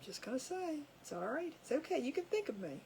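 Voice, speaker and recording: A woman's voice: high-pitched, very animated, fairly quick, gravelly, warm tone, a little hiss or hum, poor audio. A woman chatting casually to viewers while she crafts, laughing often at her own jokes. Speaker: crafting livestream host. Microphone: camera over a crafting table.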